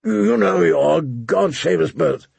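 An anxious older knight, as a man puts him on in an audiobook, strained and pleading and pitched up high. His voice stays husky and gravelly. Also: lively intonation, unhurried, a little mellow, dry recording, exaggerated voice. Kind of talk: audiobook reading.

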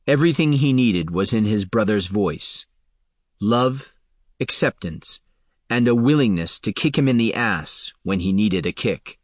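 A man narrating a fantasy novel in a steady, even storytelling voice. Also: fairly low pitch, a little slow, no room sound, clean studio sound. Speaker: audiobook narrator. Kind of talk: scripted narration.

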